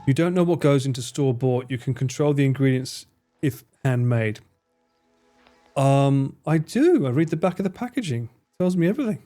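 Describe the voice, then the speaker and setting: A man's voice: medium pitch, expressive, mellow. A British man streaming live, bantering with his chat, joking and swearing freely. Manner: banter with chat, frequent swearing, quick jokes. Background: faint guitar music.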